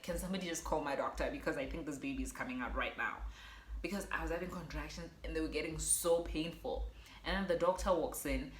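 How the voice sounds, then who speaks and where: A young woman from Botswana telling a personal story to her viewers in an animated way, acting out what people said. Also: deep voice, reverberant, slight background noise. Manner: animated, acts out quotes, addresses viewers as guys. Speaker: vlogger. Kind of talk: storytelling vlog.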